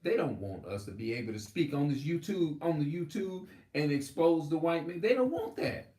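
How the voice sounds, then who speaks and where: A man's voice: a little high, very animated, moderate pace, mellow. Heated cussing guy, voice jumps up and down a lot, roomy echo. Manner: rambling, profane, heated. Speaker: religious video host. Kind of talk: casual preaching monologue.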